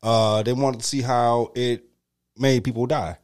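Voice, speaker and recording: A man's voice: medium pitch, fairly even intonation, unhurried, a little mellow. A man co-hosting a casual chat, laid-back, reacting with short exclamations. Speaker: podcast co-host.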